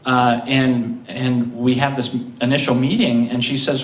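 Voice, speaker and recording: A man telling funny stories on stage at a live show, chuckling through them with halting restarts. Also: medium pitch, flat delivery. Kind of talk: live comedic storytelling. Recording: roomy, distant live-stage mic.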